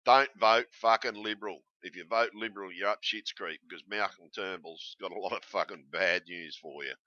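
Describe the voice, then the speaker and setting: Swearing, blunt Australian man, low voice. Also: normal speed, pushed and bright, no echo, lo-fi sound. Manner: heavy swearing, blunt and rambling. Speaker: YouTuber. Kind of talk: casual rambling vlog.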